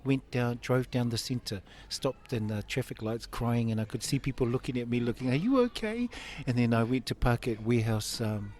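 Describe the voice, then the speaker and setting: A man's voice: medium pitch, level tone, normal speed, hardly any pauses, a little mellow, slight background noise. A man in his fifties telling an emotional personal story in an interview, laughing often and acting out the voices of family members. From Samoan family. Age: 50s. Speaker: interview guest.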